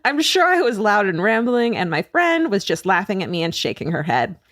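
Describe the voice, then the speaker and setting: A woman's voice: mid-range voice, fairly quick, dry recording, clean studio sound. A woman co-hosting a comedic podcast, reading listener stories aloud with lots of laughter and casual swearing. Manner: animated storyteller, laughs often, swears casually.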